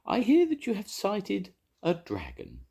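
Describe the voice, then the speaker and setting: A man's voice: high-pitched, wildly swooping pitch, unhurried, mellow, slightly rough, pitched above the performer's own voice, exaggerated voice. An older man voicing a large, posh, well-bred lady investigator who hoots and gushes, in a storybook reading. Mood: hooting gush. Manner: hooting, gushing.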